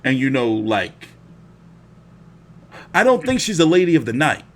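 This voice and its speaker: Animated, profane man hosting a live stream. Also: mid-range voice, measured pace. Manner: profane, animated storytelling with slang. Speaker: boxing live stream host. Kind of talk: casual live stream chat.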